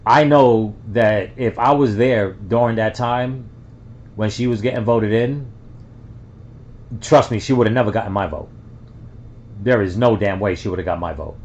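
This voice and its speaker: Rambling man from the Bronx, low voice. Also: normal speed, long pauses, darkish tone. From the Bronx, New York. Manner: rambling, with many fillers and restarts. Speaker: reaction video host. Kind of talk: casual reaction commentary. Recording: dull lo-fi sound.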